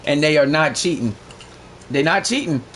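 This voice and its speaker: A man livestreaming a game, chatting casually in a boastful, profane, slangy way that gets loud when excited. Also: a little high, normal speed, a little hiss or hum. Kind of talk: casual live-stream chat.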